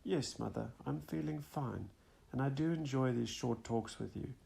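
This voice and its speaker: Man voicing thankful adult daughter, gravelly audiobook read. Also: mid-range voice, normal speed, dark tone. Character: contented adult daughter at a séance.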